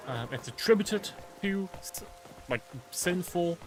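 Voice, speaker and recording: A man's voice: high-pitched, lively intonation, slow. A man chatting casually while streaming a game, rambling and musing aloud with lots of filler words.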